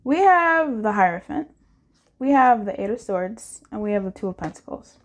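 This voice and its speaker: A woman's voice: medium pitch, animated, normal speed. A woman doing a casual pick-a-card tarot reading, playful and slangy, with frequent laughter.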